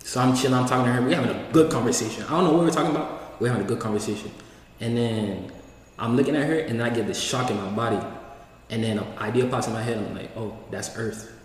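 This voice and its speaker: A young man telling a rambling story in casual slang, acting out what people said. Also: medium pitch. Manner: slangy, rambling, acts out quoted lines. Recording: echoey room, distant mic, faint hiss.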